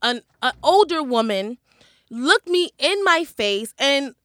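A woman's voice: sits high, very animated, a bit bright, no echo, clean studio sound. A woman hosting a casual chat with guests, talking loosely with many fillers. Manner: chatty, drawn-out, lots of fillers. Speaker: host. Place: New York.

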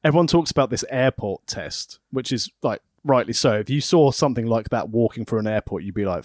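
A man's voice: medium pitch, lively intonation, fairly quick, few pauses, no echo, clean studio sound. A man co-hosting a podcast in casual chat, playful and talkative. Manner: chatty, playful, slips into mock-theatrical voices. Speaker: podcast co-host.

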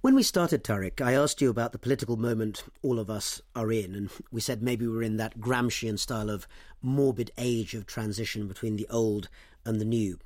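Male interviewer with a lowish voice asking long probing questions, dry close sound. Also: normal speed, a little mellow, dry recording. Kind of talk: long-form political interview.

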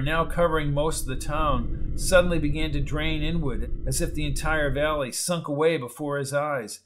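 A man reading a horror story aloud in a measured, dramatic narrating style. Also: fairly high pitch, rough recording. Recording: voice over loud music.

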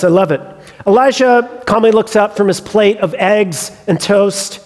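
A man's voice: high-pitched, fairly quick, gravelly, darkish tone, big-room sound. A male pastor preaching a sermon, retelling a story with humorous asides.

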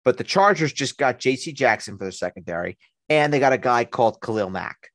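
A man's voice: medium pitch, animated, brisk, a bit bright, no echo. A man co-hosting a podcast, chatting casually about sports and restarting his sentences often. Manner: rambling, with many restarts and fillers. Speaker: podcast co-host.

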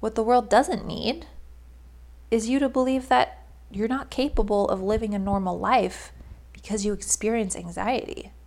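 A woman's voice: a little high, steady tone, moderate pace, a little mellow. Casual, emphatic young woman coach. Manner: casual, emphatic, frequent "like" fillers. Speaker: life coach. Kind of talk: motivational podcast monologue.

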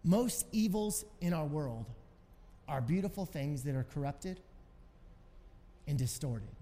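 Brief: high-voiced male pastor, earnest sermon, long church reverb. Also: expressive, slow pace, warm tone. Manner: earnest, conversational, with restarts. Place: church hall.

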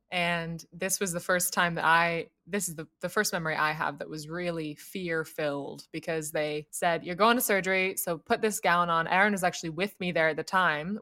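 A woman's voice: fairly low pitch, bright, forceful tone. A young woman casually telling a story on a podcast, wry and teasing, laughing often.

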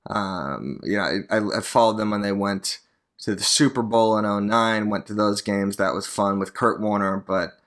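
A man's voice: on the low side, moderate pace, fairly bright tone. A man from Arizona hosting a podcast alone, talking in a rambling, profane and sardonic way. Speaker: podcast host, real estate agent. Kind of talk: casual solo podcast monologue.

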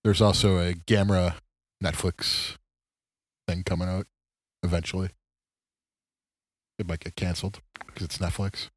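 A man's voice: low voice, level tone, measured pace, pauses often, slightly rough, no room sound. A man co-hosting a podcast in casual, profane chat, laughing and mocking people in put-on voices. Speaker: podcast co-host.

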